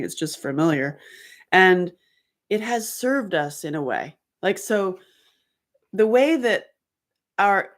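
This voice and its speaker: A woman at a middle pitch teaching from her own workbook in a loose, unscripted way. She talks candidly and emotionally, rambling through fillers and restarts. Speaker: workbook author and self-help teacher. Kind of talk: casual unscripted teaching talk.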